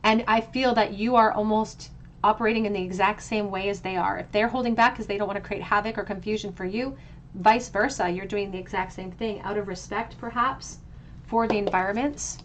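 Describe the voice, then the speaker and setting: A woman's voice: mid-range voice, steady tone, a little fast, slight background noise. A woman giving a pick-a-card tarot reading, talking in a flowing, reflective way and often restarting her phrases. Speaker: tarot reader.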